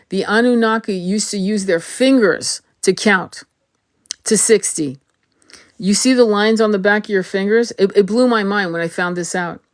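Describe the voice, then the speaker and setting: Woman, live stream host, casual, blunt, swears, sore tired throat, frequent restarts. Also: mid-range voice. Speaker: tarot reader hosting a live stream. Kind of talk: casual livestream chat.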